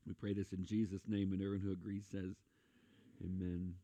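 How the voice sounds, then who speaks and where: A man preaching a sermon in a lively, conversational way, with jokes and acted-out asides. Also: low voice, fast, dry recording, lo-fi sound. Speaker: pastor.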